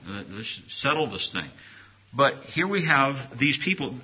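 A man's voice: mid-range voice, slightly rough, lo-fi sound. A man preaching a sermon to his congregation in an earnest, conversational way, often restarting his phrases. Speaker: pastor.

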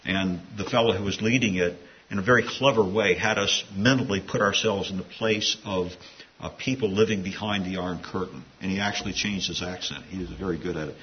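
Low-voiced pastor preaching casually. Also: male voice, fairly quick. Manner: conversational, digressive, with asides. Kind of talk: sermon. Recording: dull lo-fi sound with faint hiss.

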